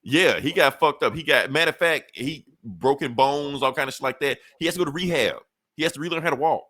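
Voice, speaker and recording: A man's voice: fairly high pitch, a little fast, bright, forceful tone, dry recording. A man on a podcast casually retelling a comic book story, acting out the characters' lines with profane, laid-back slang. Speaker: podcast co-host.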